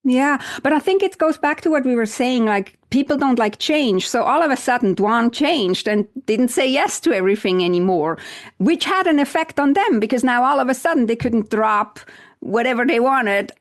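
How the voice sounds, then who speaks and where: Thoughtful woman guest, fairly high voice. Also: animated, normal speed. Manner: thoughtful, explains ideas step by step; frequent backchannel murmurs. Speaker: guest, decluttering coach. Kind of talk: casual interview chat.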